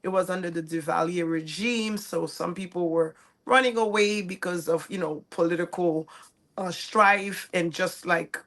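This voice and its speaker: A woman in her forties, a guest chef, telling her life story in a casual, animated interview. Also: fairly low pitch, normal speed. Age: 40s. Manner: animated, acts out family quotes.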